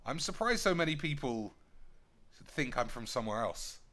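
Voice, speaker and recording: A man's voice: medium pitch, big pitch swings, normal speed, a bit bright. A man with a London accent, a streamer thinking aloud over a card game in casual, joking commentary and swearing freely. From United Kingdom.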